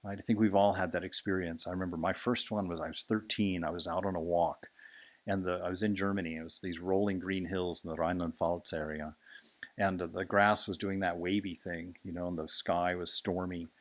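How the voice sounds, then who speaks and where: A man in his sixties giving a conversational Sunday sermon as a swami, asking "right?" often and moving from hushed to emphatic. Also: low-pitched, steady tone, a little fast. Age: 60s. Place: monastery lecture hall.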